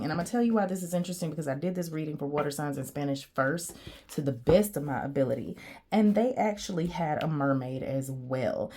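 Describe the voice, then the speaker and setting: A woman with a notably low-pitched voice talks through a tarot reading in a loose, chatty way. She wanders off on tangents and addresses her viewers directly as she goes. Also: warm tone. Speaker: tarot reader.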